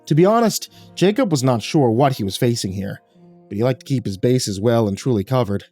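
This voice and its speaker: A man's voice: mid-range voice, lively intonation, fairly quick, warm tone, faint music behind. A man reading a horror story aloud in a dramatic storytelling manner. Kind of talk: scripted horror narration.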